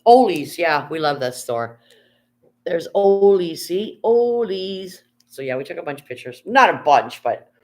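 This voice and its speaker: A woman's voice: sits low, lively intonation, moderate pace. A woman, chatting casually on a live stream, rambling, answering her chat and swearing freely.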